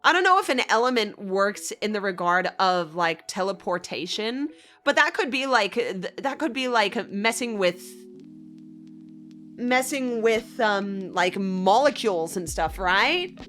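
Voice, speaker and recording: A woman's voice: medium pitch, lively intonation, unhurried, fairly bright tone, soft background music. A young Australian woman streaming, chatting casually and giggly with her viewers. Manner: bubbly, giggly, chats with viewers. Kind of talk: casual livestream chat.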